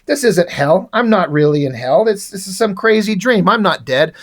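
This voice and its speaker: A man voicing a wisecracking, unbothered male superhero cop, read out in a casual, flat way. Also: high voice, moderate pace. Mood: joking, unbothered.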